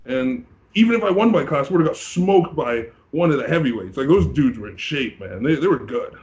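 A bodybuilding competitor from Canada in a casual interview, telling his story with animated acted-out quotes. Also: fairly high pitch, a little fast, gravelly, lo-fi sound, a little hiss or hum.

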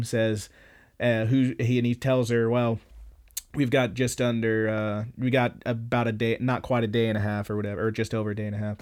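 A man on a podcast casually retelling an anime episode, loose and profane, with lots of fillers. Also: medium pitch. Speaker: podcast host.

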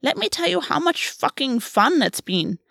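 A cocky, clawed fae queen talks in a lilting, high voice that swings up sharply, mocking and warm at once. She swears freely, as a woman reading aloud puts her on. The reading is close and dry. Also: very animated, normal speed, gravelly, no echo, exaggerated voice. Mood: playful menace. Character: brash, teasing female fae queen, a clawed bird shifter.

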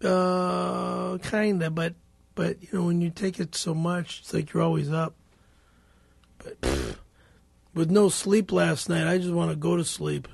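Profane raspy high-voiced man. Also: animated, unhurried, no echo. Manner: profane, volatile. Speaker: podcast co-host. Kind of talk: improv comedy podcast banter.

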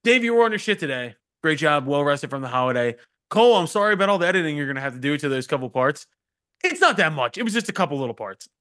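A man's voice: fairly high pitch, sing-song, quick pace, fairly bright tone. Profane laughing podcast host guy. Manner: loose, profane storytelling with laughs. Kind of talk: casual chat.

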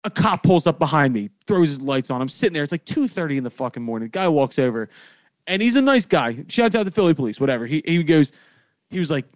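A young man, hosting a podcast and telling profane, animated stories in casual chat. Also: fairly high pitch, fast talker, no room sound. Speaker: podcast host.

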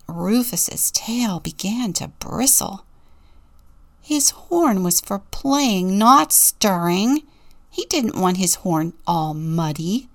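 A woman deacon gently reading a children's story aloud and asking the listener questions. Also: mid-range voice.

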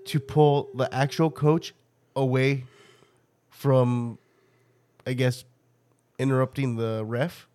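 A man's voice: mid-range voice, level tone, slow pace, long pauses, warm tone. A man co-hosting a podcast, telling stories in rambling, profane casual chat and laughing often. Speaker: podcast co-host.

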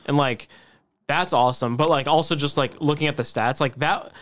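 A man's voice: on the high side, moderate pace, fairly bright tone, no room sound, clean studio sound. A man co-hosting a podcast in casual chat, easygoing and agreeable, laughing a lot. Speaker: podcast co-host.

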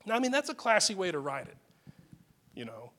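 A man preaching a sermon as pastor, conversational and personal, with many restarts and sudden swings in loudness. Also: sits high, wildly swooping pitch, brisk.

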